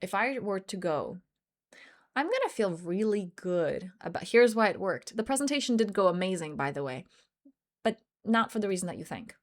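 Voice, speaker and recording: A woman's voice: mid-range voice, big pitch swings, moderate pace. A woman life coach telling a personal story in an earnest motivational talk, acting out bits of dialogue. English is not her first language.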